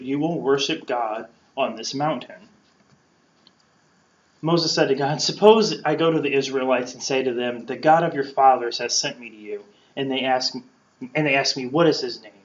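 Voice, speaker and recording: Man teaching scripture in a roomy space. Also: mid-range voice. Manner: conversational, acts out quotes playfully. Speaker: podcast host teaching scripture. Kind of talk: casual Bible teaching. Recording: roomy, dull lo-fi sound.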